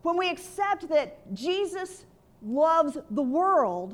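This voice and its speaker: A woman's voice: very high voice, very animated, takes it slowly. A woman pastor preaching a sermon in an earnest, conversational way, leading the congregation in call-and-response.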